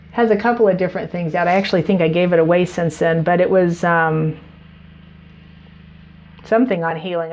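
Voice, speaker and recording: A woman's voice: mid-range voice, a little mellow. A woman talking casually to listeners as a podcast host, telling stories with frequent fillers and restarts. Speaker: podcast host and energy healer. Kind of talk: casual spoken monologue.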